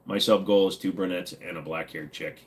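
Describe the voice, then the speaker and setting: A man's voice: deep voice, steady tone, brisk. A retired man from the United States, hosting a casual livestream, joking while reading chat aloud. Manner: joking, reading chat, slipping into silly voices. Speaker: livestream host.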